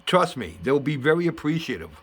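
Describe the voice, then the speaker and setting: A middle-aged man hosting a model building vlog, telling a story in a chatty, excitable way with lots of fillers and restarts. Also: a little high, a little fast, slightly rough. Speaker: model building channel host.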